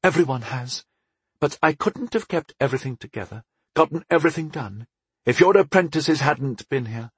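A sharp, wry woman mage who suspects everyone of scheming, played by a male narrator. Her lines sit higher and lively, with a husky edge. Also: normal speed, no room sound. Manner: wry, raised pitch. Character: wry, sharp female mage, suspicious and dry.

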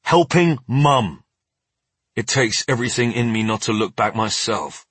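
A man's voice: on the low side, fairly even intonation, fairly quick, sharp tone, slightly rough, no echo. A man narrating a story in the first person, tense and earnest. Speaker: audiobook narrator.

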